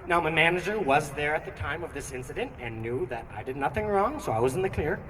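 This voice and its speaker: A young man performing a stand-up comedy routine with animated, theatrical storytelling on a theatre stage. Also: fairly high pitch, fast, crowd noise. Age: young adult. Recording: echoey hall, distant mic, noisy.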